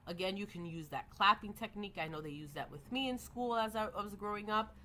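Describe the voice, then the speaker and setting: A woman's voice: medium pitch, fast talker, sharp tone, a little hiss or hum. A young adult woman giving a methodical lesson on early reading, modeling classroom prompts for children. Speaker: teacher educator.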